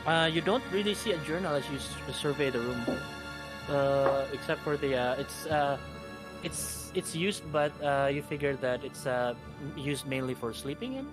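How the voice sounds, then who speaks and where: A man's voice: mid-range voice, lively intonation, normal speed. Hesitant male game master with background music. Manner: hesitant, full of fillers and restarts. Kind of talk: narrating a tabletop game.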